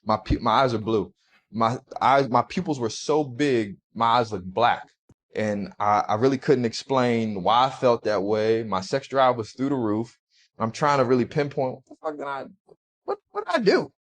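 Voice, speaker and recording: Male interview guest, mid-pitched voice, halting, hesitant storytelling. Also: animated. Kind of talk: recounting a personal story in an interview.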